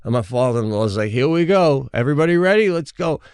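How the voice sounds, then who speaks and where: A man co-hosting a comedy podcast, telling a long story in a lively way, jumping into high-pitched voices when he quotes others and swearing casually. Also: fast talker, clean tone, dry recording, studio quality. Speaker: podcast co-host.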